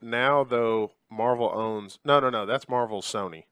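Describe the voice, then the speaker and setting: Brief: male co-host, mid-pitched voice, dry sound, blunt and profane. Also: measured pace, a bit bright, clear, resonant tone, no echo. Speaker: podcast co-host. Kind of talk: casual podcast banter.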